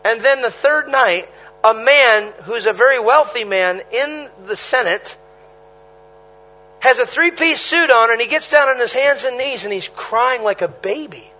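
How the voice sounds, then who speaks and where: A man preaching a sermon, telling stories with animated energy, punchy repetition and bursts of laughter. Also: very high voice, unhurried, lo-fi sound. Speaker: traveling preacher.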